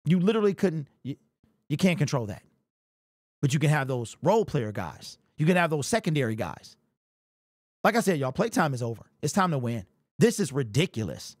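A man's voice: a little high, sing-song, a little fast, a little mellow, no room sound, clean studio sound. A man hosting a fan commentary channel, talking in an amped, emphatic way and repeating his points. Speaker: sports channel host.

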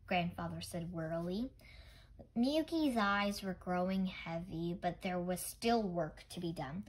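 A woman reading a children's storybook aloud gently and carefully, with occasional stumbles. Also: fairly low pitch, unhurried, rough recording. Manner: gentle, careful, small misreadings. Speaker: storybook reader.

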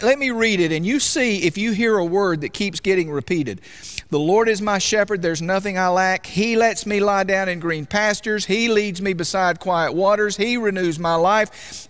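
A man's voice: high-pitched, fairly bright tone. Conversational preacher man. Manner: conversational, asks the congregation questions. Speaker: pastor. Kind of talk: sermon.

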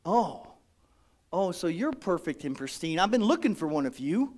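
A pastor preaches with a high, light voice for a man. He speaks in an animated, dramatic style and often acts out the voices of his congregation. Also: moderate pace. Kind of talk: sermon.

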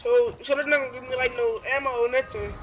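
Very high-voiced excitable male gamer. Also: quick pace, slight background noise. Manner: excitable, rambling, yelps and shouts at the game. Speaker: gameplay commentator. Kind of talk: casual let's-play commentary.

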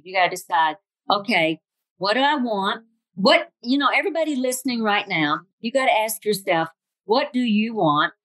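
A woman's voice: medium pitch, a bit bright, no echo, poor audio. Folksy older Southern woman storyteller. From Tennessee, US. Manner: folksy, humorous, acts out quoted voices. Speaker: motivational speaker. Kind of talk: storytelling motivational talk.

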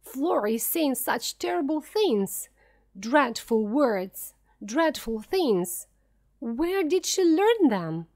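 A woman's voice: sits high, sing-song, slow pace, a little mellow, pitched above the performer's own voice, exaggerated voice. A woman voicing an anxious older female housekeeper in a simplified story reading, her lines fretful and pleading. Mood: distressed.

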